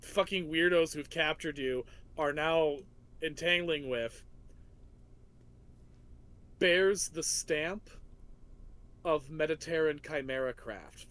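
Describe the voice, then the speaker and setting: Guy gm narrating the game, bright tense voice, a bit high. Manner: descriptive, playful, unhurried. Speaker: game master.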